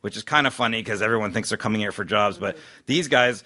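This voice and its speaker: Male podcast co-host, bright tone, easy laugh, halting restart-filled explanations. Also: lowish voice. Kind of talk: casual podcast chat.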